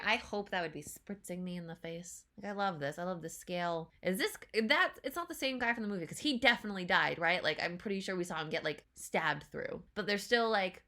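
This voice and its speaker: A woman chats through a trailer reaction in a bright, forward voice, excitable and rambling. She swears freely and leans on filler words as she thinks out loud. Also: fairly low pitch. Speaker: reaction video host. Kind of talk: casual chat reacting to a trailer.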